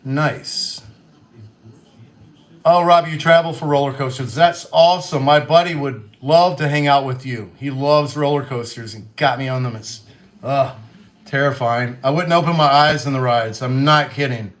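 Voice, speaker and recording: A man's voice: medium pitch, moderate pace. A man in his thirties from Western Kentucky with a light Kentucky accent, chatting casually on a livestream while cooking and reading out viewer comments. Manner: chatty, reads out viewer comments, soft-spoken. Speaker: livestream host.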